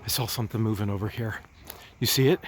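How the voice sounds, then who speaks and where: A man hosting an outdoor vlog by a swamp, excitable and often dropping to a hushed whisper. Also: fairly low pitch, quick pace, slight background noise. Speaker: vlog host.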